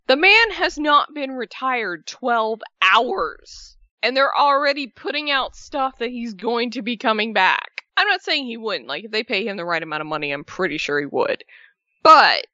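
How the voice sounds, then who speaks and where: A woman chatting casually as a wrestling podcast co-host, emotional and animated, with a swear here and there. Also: a little high, measured pace, no echo. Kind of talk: casual fan chat. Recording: dull lo-fi sound.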